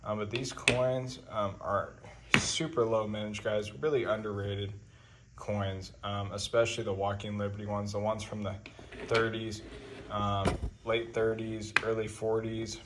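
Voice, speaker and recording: Low-voiced man rambling about coins. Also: measured pace, a little hiss or hum. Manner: relaxed and rambling, with many ums and uhs. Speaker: coin collecting channel host. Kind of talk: casual talk to camera.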